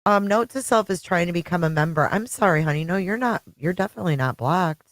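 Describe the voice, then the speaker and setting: A woman's voice: lowish voice, lively intonation, fast, no room sound. A middle-aged woman hosting a casual livestream, chatting with viewers and greeting them by name. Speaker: livestream host. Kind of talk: casual live-chat stream.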